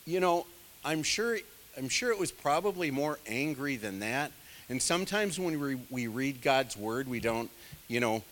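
Rambling, bright-voiced male Bible teacher. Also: mid-range voice, animated, unhurried, long reverb tail. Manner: rambling, digressive, self-deprecating; many fillers, conversational asides. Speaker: bible study leader. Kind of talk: casual teaching sermon.

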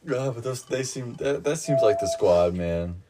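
A man's voice: medium pitch, lively intonation, measured pace, very noisy. A young man co-hosting a podcast, joking and teasing his friends in casual chat. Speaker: podcast co-host.

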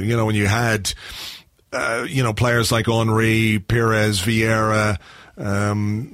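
A man co-hosting a football podcast in casual, wry chat that drifts into jokey asides. His voice sits at an ordinary middle pitch. The sound is close and dry, with no room around it. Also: fairly bright tone, no echo. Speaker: podcast co-host.

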